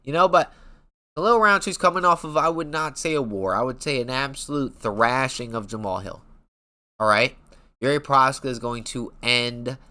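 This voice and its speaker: Young dude talking fights, bright sharp voice, hyped and jokey, swears a lot. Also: male voice, medium pitch, normal speed. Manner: hyped, profane, rambling and jokey. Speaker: MMA commentary YouTuber. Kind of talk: casual fight-talk vlog.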